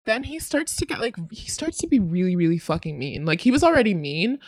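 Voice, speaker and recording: A woman's voice: medium pitch, sing-song, brisk, no echo, studio quality. A young woman frankly telling her own story in casual, candid speech, full of fillers and swearing.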